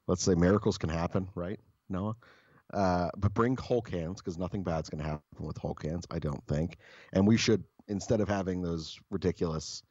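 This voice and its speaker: A man's voice: low-pitched, a little mellow, dry recording, muffled recording. A man co-hosting a podcast, telling casual stories in a blunt, profane, joking way. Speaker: podcast co-host. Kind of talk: casual storytelling chat.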